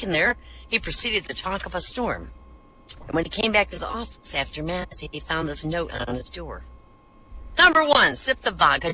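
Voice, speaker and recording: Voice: mid-range voice, pushed and bright, a little hiss or hum, rough recording. A stand-up comedian telling a string of jokes at an open mic in an online voice room, chuckling at the punchlines.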